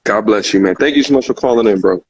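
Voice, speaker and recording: Call-in show host, man, low voice, earnest and repetitive, muffled lo-fi sound. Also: quick pace, breathy edge. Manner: earnest, repeats phrases, many fillers. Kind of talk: casual heartfelt talk. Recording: muffled lo-fi recording.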